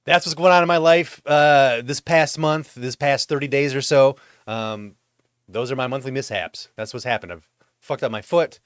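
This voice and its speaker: A man rants in a comedic monologue, swearing freely and sounding exasperated as his voice jumps around for effect. His voice sits at an ordinary middle pitch. It is recorded close and dry, with no room echo. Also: moderate pace, clean tone. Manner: profane ranting; exasperated, animated storytelling. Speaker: vlog host. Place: home.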